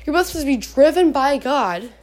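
A young woman with a bright, high voice talks casually to her viewers from home, giving Christian advice on relationships. She is chatty and animated, full of asides and quick restarts. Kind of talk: casual faith talk to camera. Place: at home indoors.

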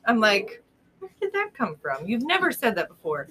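Playful woman co-host with lively pitch. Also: normal speed. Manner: playful, teasing, laughs a lot. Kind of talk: casual live-stream chat.

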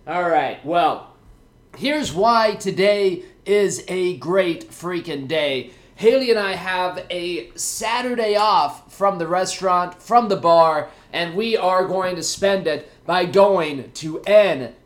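A young man hosting a casual podcast to camera, energetic and jokey as he chats with his viewers. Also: high voice, slow pace. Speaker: podcast host. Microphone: camera mic.

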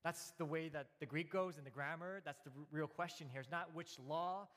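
A man in his thirties preaching a conversational sermon, telling stories in a relaxed way with many fillers and restarts. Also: a little high, a little fast, big-room sound. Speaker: pastor.

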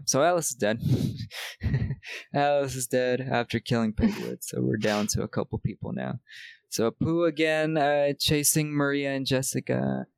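Gravelly American man recapping a film. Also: medium pitch, no room sound. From United States. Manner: rambling, laughs often, swears casually. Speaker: podcast co-host. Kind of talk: casual movie recap chat.

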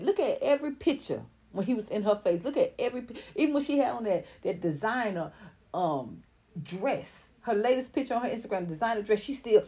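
A woman giving blunt, animated celebrity gossip commentary on her own channel. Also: a little high, a little fast. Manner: animated, blunt, rising to heated outbursts. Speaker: commentary vlogger.

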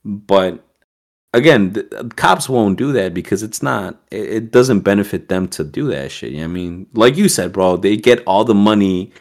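A man co-hosting a podcast, telling a profane, animated story in casual chat. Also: fairly low pitch, normal speed, creaky. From East Coast US. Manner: profane, animated storyteller, acts out quoted voices. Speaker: podcast co-host.

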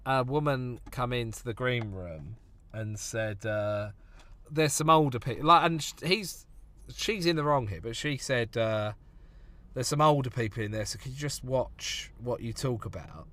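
A man's voice: mid-range voice, a little slow, a bit bright. A young man, a comedian, chatting casually on a podcast about gigs, with frequent ums. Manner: chatty, hesitant fillers, laughs at anecdotes. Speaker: stand-up comedian and podcast co-host.

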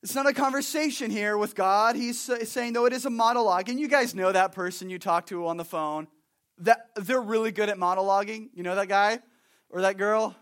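A young man preaching a sermon in a conversational, animated way, acting out little asides. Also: sits high, fairly quick. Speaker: pastor.

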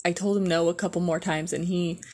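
A woman's voice: on the low side, steady tone, fairly quick, a little mellow. A young woman casually telling a personal story as a podcast host, chatty and profane, with lots of "like". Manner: chatty, filler-heavy with constant "like", profane.

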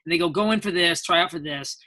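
A man talks as a guest voice actor in a relaxed interview. His voice is bright and forceful. He rambles through anecdotes and acts out the people he quotes. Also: fairly high pitch, fast. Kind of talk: casual interview storytelling.

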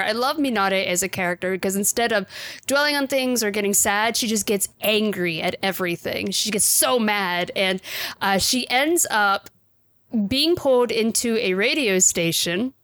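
An enthusiastic woman hosting a podcast, talking in a loose, chatty way full of fillers and frequent laughter. Her voice sits at an everyday middle pitch, recorded close and dry with no room sound. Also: a bit bright, no room sound. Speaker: podcast host reviewing anime. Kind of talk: casual chat.

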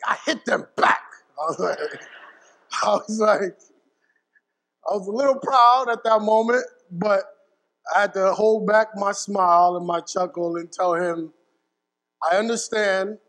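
A man's voice: high-pitched, fairly bright tone, big-room sound. A young man preaching a sermon, telling a family story with asides and frequent checks of "right?" to his listeners. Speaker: pastor.

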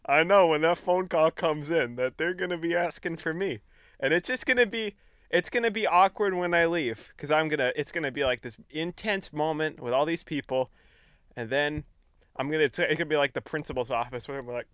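A man's voice: moderate pace, smooth, no room sound, studio quality. A young man co-hosting a podcast, rambling through a long story in casual chat. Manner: rambling storyteller, lively swings in pitch. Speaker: podcast co-host.

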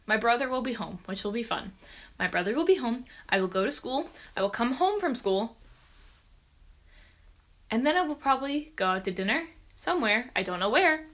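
A woman's voice: a little high, sing-song, normal speed, a bit bright. A teenage girl co-hosting a podcast in casual chat, bubbly, joking and self-assured. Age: teens. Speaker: podcast co-host.

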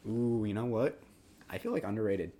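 Blunt, sweary young man, low voice. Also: animated, moderate pace, warm tone. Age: young adult. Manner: blunt, swears freely, sarcastic. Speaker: guest, friend of the host. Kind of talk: casual chat.

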